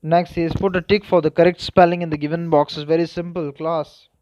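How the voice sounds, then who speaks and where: A man's voice: on the high side, flat delivery, a little fast. A man teaching a class spelling rules, spelling words out letter by letter and checking that the class is following. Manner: spells words letter by letter, asks "okay?" and "clear?". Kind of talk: spelling lesson. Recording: dull lo-fi recording.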